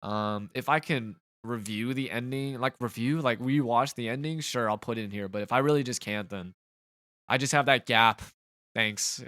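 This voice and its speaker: A man giving let's play commentary in a frustrated, rambling, halting way from a home gaming setup. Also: mid-range voice, expressive, fairly bright tone, no room sound. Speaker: gaming channel host.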